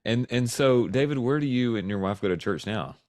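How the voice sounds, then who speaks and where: A man's voice: medium pitch, animated, a little fast, darkish tone, no echo, studio quality. A man interviewing a guest, mostly giving short replies and acknowledgements. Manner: brief backchannel replies. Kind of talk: casual interview.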